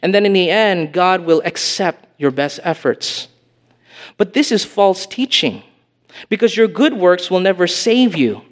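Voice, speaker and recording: A male pastor with a high voice preaches a sermon unhurriedly, in an earnest, emphatic style full of rhetorical questions.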